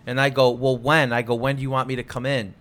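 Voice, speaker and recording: A man's voice: medium pitch, flat delivery, fast, fairly bright tone. A young man co-hosting a podcast in casual chat, telling a story with plenty of fillers and restarts. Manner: rambling, lots of fillers and restarts. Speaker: podcast co-host.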